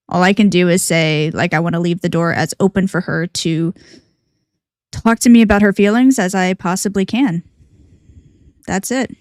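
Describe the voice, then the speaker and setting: A woman streaming casual commentary in a lowish voice, talking candidly with plenty of ums and likes. The sound is dry and close, with no room around it. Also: no room sound. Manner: candid, conversational, many fillers. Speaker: reaction streamer.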